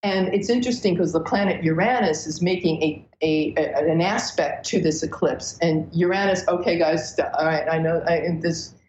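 An animated woman astrologer talks as a podcast guest, piling one thought on another with many restarts. Her voice sits in a roomy space, and the recording sounds dull and lo-fi. A faint noise hums underneath. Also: low voice, normal speed, hardly any pauses. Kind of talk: casual podcast interview.

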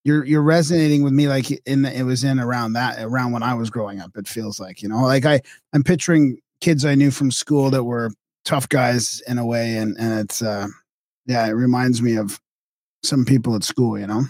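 A man's voice: mid-range voice, steady tone, normal speed, a little mellow, no echo, clean studio sound. A man in his fifties hosting an interview, asking easygoing, reflective questions. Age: 50s. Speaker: host. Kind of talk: casual interview.

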